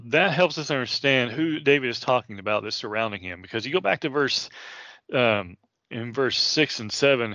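A man in his late thirties teaches a Bible passage with a preacher's earnest, chatty delivery. His voice sits at a middle pitch, close and dry, on a slightly dull lo-fi recording. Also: sharp tone, dry recording. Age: 30s. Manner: casual and earnest, many fillers and restarts.

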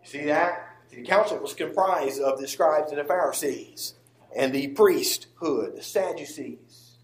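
A man preaching a sermon in a church, emphatic, moving from quiet asides to near-shouting. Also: on the high side, measured pace. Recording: roomy echo.

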